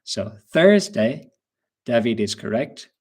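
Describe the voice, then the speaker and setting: A man's voice: mid-range voice, big pitch swings, slow, husky. A male English teacher giving a live webinar lesson, patiently quizzing viewers and reading out their answers.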